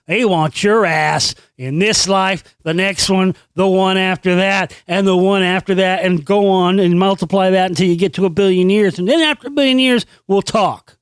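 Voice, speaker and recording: Profane, ranting man with a high voice. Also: clean tone, dry recording, studio quality. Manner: profane, sarcastic, animated storytelling. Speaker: channel host. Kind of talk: ranting monologue.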